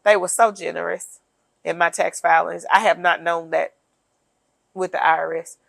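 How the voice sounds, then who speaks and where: A woman's voice: on the low side, steady tone, normal speed, gravelly, a bit bright, dry recording. Woman, podcast co-host, sardonic, emphatic, dry close sound. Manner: emphatic, sardonic, lays out points one by one. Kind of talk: casual political chat.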